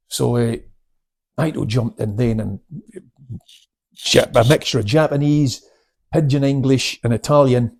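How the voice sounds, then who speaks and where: A man's voice: mid-range voice, steady tone, measured pace, gravelly, pauses often, darkish tone. A man in his seventies, a karate instructor, telling stories in a casual interview, chatty and laughing, with many restarts. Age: 70s.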